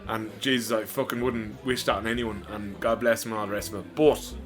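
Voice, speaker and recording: A man's voice: lowish voice, steady tone, a little fast, music in the background. An Irish man co-hosting a podcast, laying out blunt opinions in casual chat and swearing freely. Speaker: podcast co-host.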